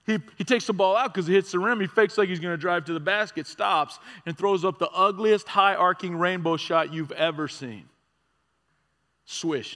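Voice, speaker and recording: A man preaching a sermon as a conversational story, swinging from excited and loud to hushed and quiet. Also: fairly high pitch. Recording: long reverb of a large hall.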